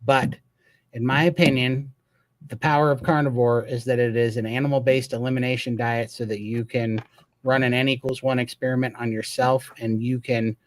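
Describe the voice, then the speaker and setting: A man's voice: medium pitch, dry recording. A man from Montana hosting a live Q&A, talking in an earnest and emphatic way. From Montana, USA. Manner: earnest and emphatic, with a storytelling streak. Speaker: host. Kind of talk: live Q&A chat.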